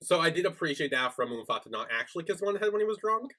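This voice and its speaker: Animated man recapping a show. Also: fairly high pitch, racing. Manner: animated storytelling, acts out characters' lines. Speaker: podcast co-host. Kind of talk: casual recap chat.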